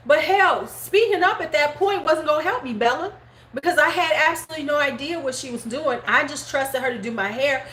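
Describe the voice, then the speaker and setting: A middle-aged woman hosting a live stream, casually telling a story in animated fashion, swearing freely and acting out her relatives' words. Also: high-pitched. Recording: roomy echo, faint background noise.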